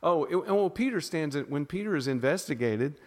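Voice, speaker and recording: A man's voice: on the high side, animated, brisk, a little mellow, big-room sound. Southern-drawled man explaining at length. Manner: thoughtful, self-interrupting explainer with frequent restarts. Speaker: podcast guest. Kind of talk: casual teaching conversation.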